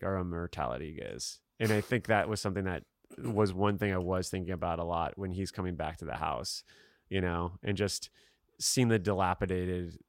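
Podcast co-host, young man from South Florida, low voice, dry close sound, musing and rambling. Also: dry recording. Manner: reflective, rambling with many fillers. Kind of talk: casual podcast chat.

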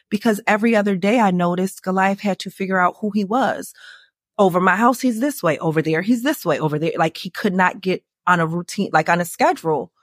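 A woman guest on a podcast, telling her story in candid conversation and acting out quoted lines in a higher voice. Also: a little fast, dry recording, studio quality. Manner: animated, acts out quoted dialogue in a higher voice.

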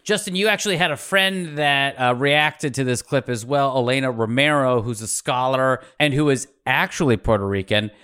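A man's voice: mid-range voice, moderate pace, few pauses, a bit bright, clean tone. A man hosting a podcast in a casual, playful way, laughing often and adding theatrical asides. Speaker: podcast host.

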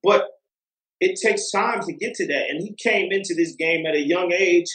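A man's voice: high-pitched, normal speed, fairly bright tone, reverberant, rough recording. A man talking as a music producer guest in a casual interview, rambling with lots of fillers and restarts.

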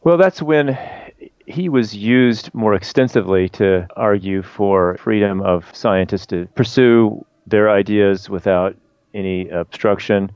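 A man interviewed as a guest author, explaining in animated, quick bursts with frequent restarts. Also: fairly low pitch, clear, resonant tone, dry recording. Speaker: guest author and historian of science. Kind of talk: conversational explanation. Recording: dull lo-fi remote line.

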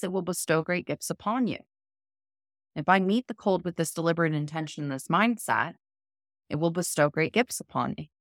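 A woman guest on a podcast interview, explaining a method in a calm, measured, coaching tone. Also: fairly low pitch, dry recording, studio quality. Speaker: guest, cold immersion method founder.

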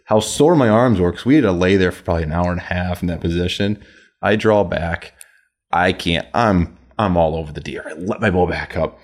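A man, a podcast guest, telling a hunting story in a halting, restarting way. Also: sits low. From United States. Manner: halting, restarts, drops quiet then bursts loud in quoted yelling. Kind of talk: casual storytelling chat.

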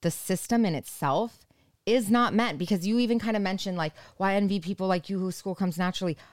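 A woman's voice: medium pitch, brisk, no room sound, studio quality. A woman co-hosting a podcast, asking questions and chatting in a supportive way. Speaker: podcast co-host. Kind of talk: casual chat.

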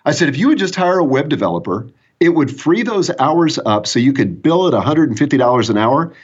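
A man speaking as a podcast guest and business coach, telling an animated anecdote. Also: on the high side, brisk, breathy edge, dull audio. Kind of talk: conversational storytelling.

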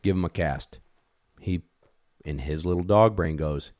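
A man who handles retriever dogs, telling a competition story in a casual, animated way, acting out the dogs and judges, blunt and swearing a little. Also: deep voice, a little slow, no echo, studio quality.

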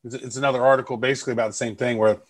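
A man's voice: mid-range voice, level tone, rapid-fire. A man co-hosting a casual podcast, chatty and rambling with fillers. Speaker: podcast co-host. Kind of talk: casual chat.

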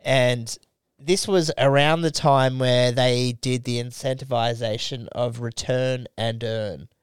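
A man's voice: medium pitch, fairly even intonation, takes it slowly, clear, resonant tone, no room sound, clean studio sound. A young man co-hosting a podcast, telling a story in laid-back, heavily sworn casual banter. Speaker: podcast co-host.

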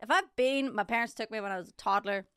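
An Irish woman hosting a podcast, chatting lively and teasing her guest, swearing casually. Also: fairly high pitch, fast, clear, resonant tone, no room sound, studio quality. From Ireland. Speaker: podcast host. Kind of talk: casual chat.

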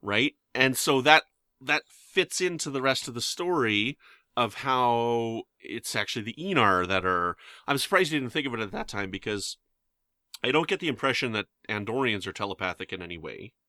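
A man's voice: medium pitch, lively intonation, moderate pace, pushed and bright, no room sound, studio quality. A man from Canada co-hosting a casual podcast chat, joking and restarting his sentences. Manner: chatty, joking asides, many restarts. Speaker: podcast co-host.

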